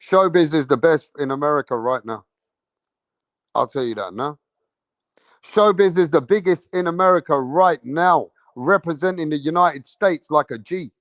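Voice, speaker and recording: A boxing channel host with a London accent runs a livestream, brash and full of slang, swearing and repeating himself as he calls out questions to his chat and waits for answers. His voice is a little high and fairly bright at normal speed, in studio-quality audio with no echo.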